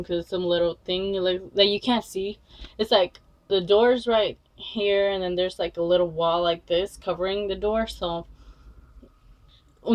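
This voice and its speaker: A woman's voice: lowish voice, low-quality recording. A young woman telling a story in a casual vlog, blunt and full of swearing and fillers. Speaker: vlogger.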